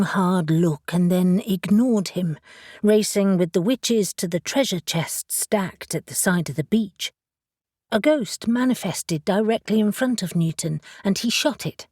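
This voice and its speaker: A woman narrating a fantasy audiobook in a steady storytelling manner. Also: medium pitch, dry recording, studio quality. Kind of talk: scripted narration.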